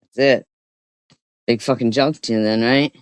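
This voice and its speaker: A woman streaming an angry reaction, scolding and swearing in a profane rant, with frequent throat clearing. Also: a bass voice, fairly even intonation, moderate pace, a little hiss or hum.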